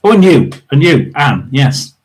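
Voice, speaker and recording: A man hosting a casual livestream tarot reading, talking to viewers in a rambling, chatty way with lots of fillers and throat clearing. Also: fairly high pitch, big pitch swings, unhurried, darkish tone. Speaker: tarot reader and livestream host.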